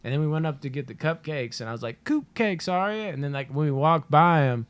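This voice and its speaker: A man's voice: medium pitch, quick pace, clean tone. A man co-hosting a podcast, telling rambling, profane stories in a casual chat and laughing through them. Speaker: podcast co-host.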